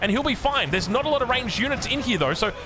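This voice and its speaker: A man with an Australian accent casting a strategy game, excitable and chatting to the players, his voice jumping up when surprised. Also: very high voice, fast talker, over music. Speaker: game caster.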